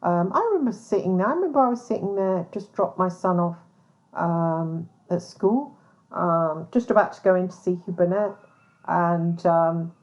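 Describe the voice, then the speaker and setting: This podcast host, a private investigator, talks at a moderate pace in a low, darkish voice. She's blunt and casual, swearing a lot and stumbling through "um"s and restarts, captured on dull lo-fi audio.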